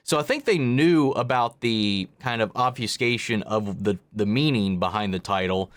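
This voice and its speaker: A man's voice: on the low side, no room sound. A man hosting a reaction video, chatting casually in a rambling way, with lots of fillers and restarts. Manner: rambling, filler-heavy talk with frequent restarts.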